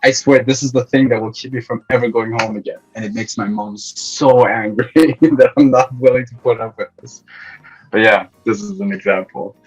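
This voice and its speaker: A young man from Iran, a podcast guest, telling stories from his life in a relaxed way and laughing often. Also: medium pitch, moderate pace, husky, lo-fi sound, faint music behind. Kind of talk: casual interview chat.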